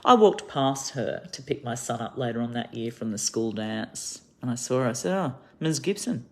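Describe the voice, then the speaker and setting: A woman's voice: a bass voice, animated, normal speed, a little mellow. An Australian woman giving an indignant, rambling monologue to camera, telling her story with heavy emphasis. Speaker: activist vlogger.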